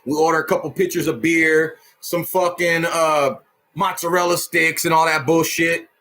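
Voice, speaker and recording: Profane man telling a street story, high voice. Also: moderate pace. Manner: profane street slang, lively retelling with sound effects. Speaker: storyteller host. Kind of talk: casual storytelling.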